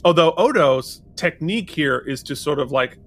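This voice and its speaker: A man's voice: a little high, normal speed. A man co-hosting a podcast, casually recapping and reviewing a television episode, quoting lines as he goes. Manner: animated, recapping scenes with quoted lines. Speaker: podcast co-host. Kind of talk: casual chat.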